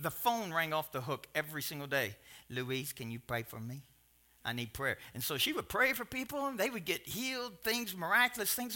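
A man in his sixties preaching a sermon, telling stories in a rambling, animated way with asides and restarts. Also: sits high. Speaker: pastor. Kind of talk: sermon storytelling.

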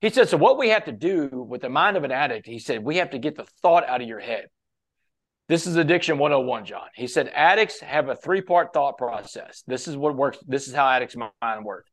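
A man's voice: mid-range voice, lively intonation, brisk. A man guesting on a podcast, telling a long story in a casual, conversational way, often quoting others and dropping "man" into his sentences.

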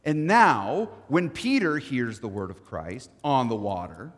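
A man preaching a sermon as pastor, swinging from loud to hushed. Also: medium pitch, expressive, a little slow. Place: church sanctuary. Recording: long church reverb.

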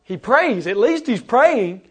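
A married man preaching a sermon, animated and acting out the voices he quotes. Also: very high voice, slow, slightly rough. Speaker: pastor.

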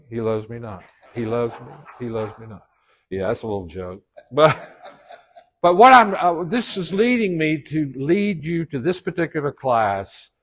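A man's voice: mid-range voice, muffled recording. A man with a Southern US accent teaching a church leadership class in a folksy way, with joking asides and frequent restarts. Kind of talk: informal church class lecture.

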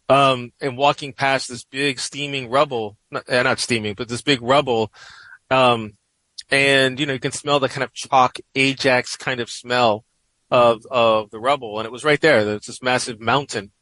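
This interview guest, a middle-aged professor and writer, shares a personal story reflectively in his New York accent, leaning heavily on "you know." His voice is medium-pitched with a sharp tone, and the low-quality recording has no echo.

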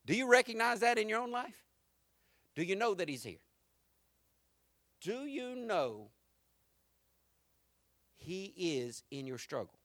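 A man preaching a sermon, moving from quiet, reflective lines to loud, repeated build-ups. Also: high voice, animated, moderate pace, pauses often, dry recording, clean studio sound. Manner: swings from quiet to rising, repetitive preaching. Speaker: pastor.

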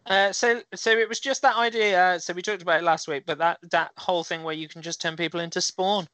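A man co-hosting a wargaming show, talking eagerly in casual chat with halting fillers. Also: high-pitched, fairly even intonation, bright, forceful tone, no echo. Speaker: podcast co-host.

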